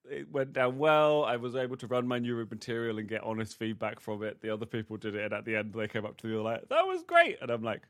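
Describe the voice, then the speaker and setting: A man's voice: on the low side, no echo, clean studio sound. A man who is a comedian co-hosting a podcast over a remote call, telling stories in a loose, chatty way. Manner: casual storytelling with laughs, loose and chatty. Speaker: comedian co-host. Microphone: remote call, dry close sound.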